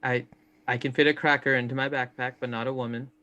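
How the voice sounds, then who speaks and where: A man's voice: mid-range voice, little pitch movement, fast, pushed and bright. A man playing a tabletop game, answering in a dry, hesitant way. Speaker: player. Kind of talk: casual tabletop role-play. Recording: dull lo-fi mic.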